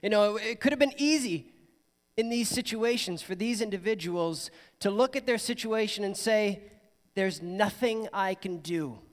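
High-voiced pastor preaching in a reverberant church. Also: male voice, normal speed. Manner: earnest, voices imagined inner thoughts. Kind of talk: sermon.

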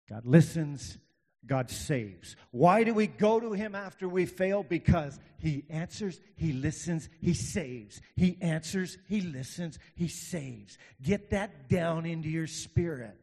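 A male pastor preaching a sermon, driving points home with repetition, swinging between loud and hushed, with folksy asides to the congregation. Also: on the high side, long reverb tail.

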